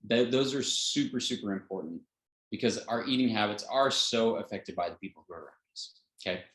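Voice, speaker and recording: A man's voice: fairly low pitch, brisk, a bit bright. A man teaching a health class in an informal way, earnest, often chuckling and restarting his sentences with fillers. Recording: roomy echo.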